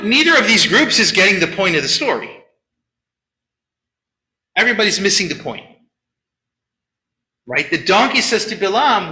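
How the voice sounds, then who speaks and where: Lively high-voiced man giving a sermon. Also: normal speed, pauses often. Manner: animated storyteller, acts out quotes, chatty asides. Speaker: rabbi leading a Shabbat service. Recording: echoey room.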